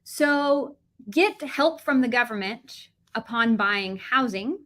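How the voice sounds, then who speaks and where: A young American woman with a lively, animated delivery, teaching a Russian vocabulary lesson and switching between English and Russian. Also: on the high side, takes it slowly. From United States.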